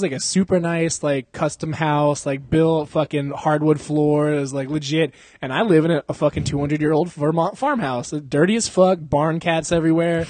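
A man's voice: fairly high pitch, darkish tone, no room sound. A young man on a podcast, casually telling a story in a loose, profane way and laughing often. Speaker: podcast co-host. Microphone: podcast microphone.

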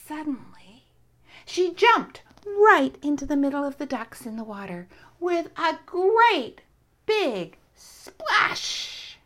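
A woman narrating a children's story, softly and often in a whisper. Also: sits high. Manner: soft, often whispered, slow and animated.

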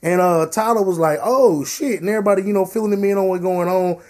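A young man telling a profane, animated story on his podcast. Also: high-pitched, quick pace. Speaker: podcast host. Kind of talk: casual storytelling.

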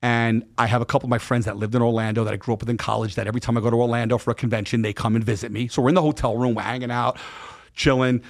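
A man's voice: mid-range voice, rapid-fire, gravelly, few pauses. A man, a podcast guest, telling a story in casual talk. He swears freely and acts out the dialogue of the people in it. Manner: profane, animated, acts out quoted dialogue.

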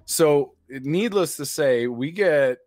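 A man chatting casually and telling a story in a relaxed way. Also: on the high side, slow, no echo, studio quality, soft background music.

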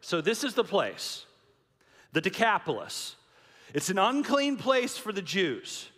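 A pastor delivers a dramatic, emphatic sermon, his voice rising and falling a lot. He speaks somewhat high for a man. A long reverb from a large church hall trails his words. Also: very animated, a little slow, a bit bright.

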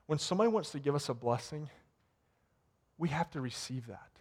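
A man with a fairly high voice preaches to his church in a loose, conversational way. He retells a story, repeats words as he searches for them, and moves into a prayer. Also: expressive, brisk, husky. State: sweating. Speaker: pastor. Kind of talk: sermon with closing prayer. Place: warm church sanctuary.

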